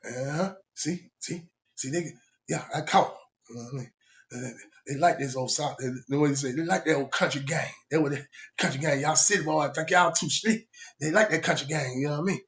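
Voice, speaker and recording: Man storyteller, animated, laughs a lot, somewhat high voice, casual telling. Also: fairly quick. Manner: animated, laughs often, voice jumps high when quoting himself.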